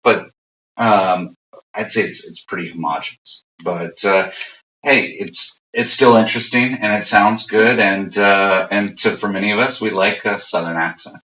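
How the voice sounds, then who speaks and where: A man's voice: lowish voice, a little slow, bright, forceful tone. An American man answering interview questions casually, rambling with many fillers and restarts. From USA. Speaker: interview guest. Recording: roomy, distant, dull audio.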